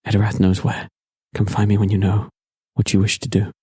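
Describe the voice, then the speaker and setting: A man voicing a grave, merciful woman leader who speaks in a measured, solemn way. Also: lowish voice, completely flat delivery, darkish tone, slightly rough, no room sound, clean studio sound. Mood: weary.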